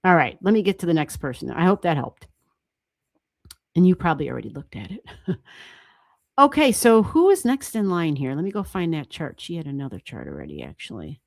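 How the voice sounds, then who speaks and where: A woman hosting a livestream in a lower, easygoing voice, talking casually and getting excited, laughing and swearing now and then. The sound is dry and close, with little room around it. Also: brisk, vocal fry, dry recording. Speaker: astrology livestream host.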